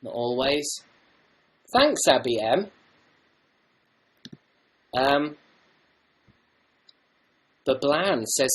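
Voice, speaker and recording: A man's voice: mid-range voice, animated, very slow, long pauses, poor audio. A young man hosting a casual livestream from home. He reads out viewer comments and rambles through self-mocking jokes. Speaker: livestream host.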